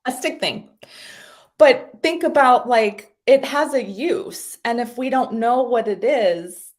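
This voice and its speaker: A woman talking as a guest, explaining ideas in a casual, animated way and acting out little voices as she goes. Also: fairly high pitch, takes it slowly. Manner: animated, acts out little voices in her stories. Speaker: guest speaker explaining identity.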